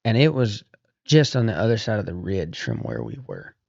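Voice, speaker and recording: A middle-aged man, an author appearing on a podcast, rambles through long, casual stories and restarts his sentences easily. His gravelly, husky voice is on the low side at a normal speed, captured in dull, dry, lo-fi podcast audio.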